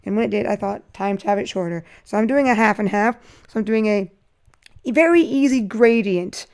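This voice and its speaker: A woman narrating her nail art as she paints, chatty and rambling, breaking into excited sing-song bursts. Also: mid-range voice, normal speed. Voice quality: voice crackling. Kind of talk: casual voice-over while painting nails.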